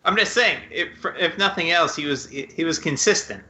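A man's voice: fairly high pitch, sharp tone. A man playing in a tabletop game, joking and chatting casually. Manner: joking, quick to laugh. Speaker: player.

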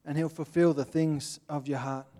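A man's voice: fairly high pitch, steady tone, normal speed, dark tone. Earnest Australian man preaching. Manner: earnest, plainspoken, acts out little scenes. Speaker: pastor. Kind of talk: sermon.

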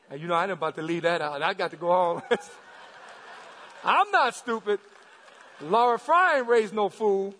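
A man preaching a sermon to his congregation, calling out to the crowd and building to shouts. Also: sits high, unhurried, pauses often, long reverb tail. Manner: preaching with rising shouts and call-and-response. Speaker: pastor. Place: church sanctuary.

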